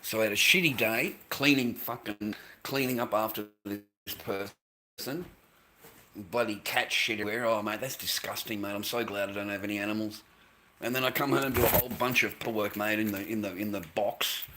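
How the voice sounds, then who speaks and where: Australian man, bright forceful voice, swears a lot, repeats himself, vlog rant. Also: lowish voice, fairly quick, slight background noise. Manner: profane, repetitive, says "mate" constantly. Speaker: vlogger. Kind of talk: ranting monologue to camera.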